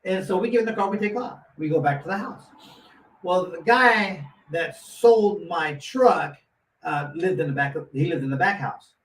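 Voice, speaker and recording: A man's voice: high voice, moderate pace. A man telling a long story in casual talk, acting out the voices of the people in it with lots of restarts. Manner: animated, acts out quotes with lots of restarts. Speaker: guest storyteller. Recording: roomy echo, mic at a distance, faint noise.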